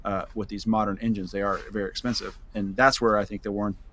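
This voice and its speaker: A man's voice: on the low side, flat delivery, quick pace, fairly bright tone. A man, the founder of a van company, talking as a podcast guest in a loose, rambling way with many fillers and restarts. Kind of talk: casual podcast interview.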